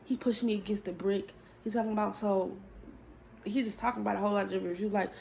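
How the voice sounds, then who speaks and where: Candid rambling young woman, gravelly voice. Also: medium pitch, fast talker, darkish tone, slight background noise. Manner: candid, rambling, swears freely, addresses viewers as y'all. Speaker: vlogger telling a story. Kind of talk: casual storytime chat to camera.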